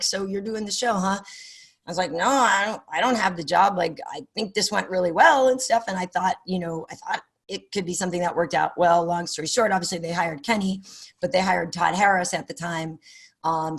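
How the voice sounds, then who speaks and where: A middle-aged woman, a sports TV host, chatting as a podcast guest and telling animated stories with many fillers and restarts. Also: lowish voice. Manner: animated storyteller, many fillers and self-corrections. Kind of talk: casual interview chat.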